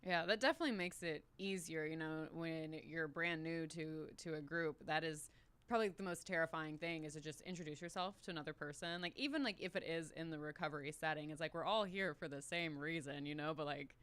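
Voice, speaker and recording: A woman with a Southern US accent hosting a casual interview, chatty and quick to laugh. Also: sits low, a bit bright, smooth. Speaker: podcast host.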